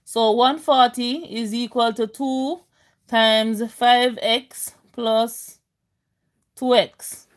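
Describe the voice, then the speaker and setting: Slow-talking high-voiced woman teacher. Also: steady tone. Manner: chatty, addresses viewers as guys. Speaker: math teacher. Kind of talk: online math lesson.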